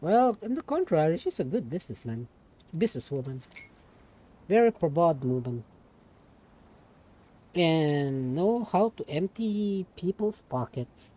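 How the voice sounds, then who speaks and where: Young woman streamer, playful asides, lively but unhurried read. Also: low-pitched. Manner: playful, self-mocking asides. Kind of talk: live stream, reading aloud and commenting.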